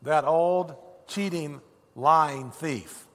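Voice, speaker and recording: A man's voice: a little high, drawn-out words, a bit bright, long reverb tail. A man voicing a group of astonished, formal angels who speak with solemn reverence.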